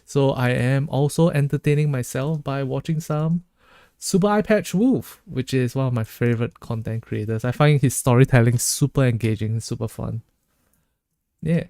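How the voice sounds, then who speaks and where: A man's voice: medium pitch, animated, normal speed, dark tone, clear, resonant tone, no room sound, studio quality. A man streaming a game, chatting casually with his chat and joking around. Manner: joking, laughs often, reads chat aloud.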